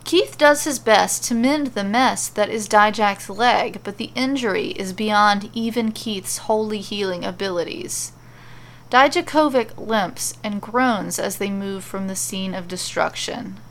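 At a measured pace and in a mid-range voice, a woman narrates a fantasy story as a podcast storyteller, keeping her descriptive delivery steady.

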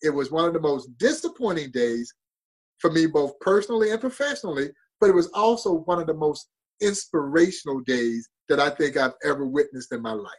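Husky guy, kinda high voice, tells stories all dramatic and heartfelt. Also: lively intonation, a little fast, rough recording. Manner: impassioned, dramatic storyteller. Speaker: baseball museum guest. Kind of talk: storytelling interview.

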